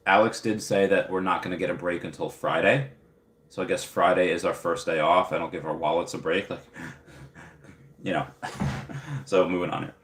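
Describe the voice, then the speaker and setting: A young man with a very low voice chats loosely on a livestream, rambling and packing his talk with fillers as he answers viewers. His voice carries a roomy echo off the walls around him. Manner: rambling, filler-heavy, upbeat. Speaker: livestream host. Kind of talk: casual live chat reading viewer comments.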